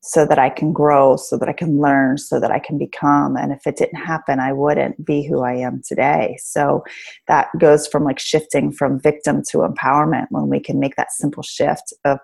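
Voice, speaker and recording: A woman's voice: deep voice, flat delivery, normal speed, gravelly, darkish tone, breathy edge. A woman in her thirties or forties, a life coach talking earnestly about rebuilding her life, with lots of "um" and "like". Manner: earnest, reflective, many fillers like "um" and "like". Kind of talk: casual podcast conversation.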